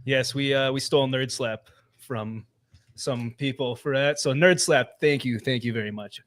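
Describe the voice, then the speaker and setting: A man's voice: mid-range voice, normal speed, a bit bright. A man hosting a casual podcast, upbeat and jokey as he welcomes a guest. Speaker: podcast host. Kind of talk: casual chat.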